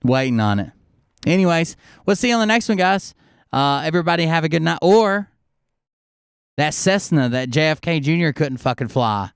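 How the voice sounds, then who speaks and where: A man's voice: mid-range voice, smooth, dry recording, studio quality. A man hosting a livestream, chatting casually as he wraps up, rambling and cursing loosely. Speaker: livestream host. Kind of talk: casual end-of-stream chat.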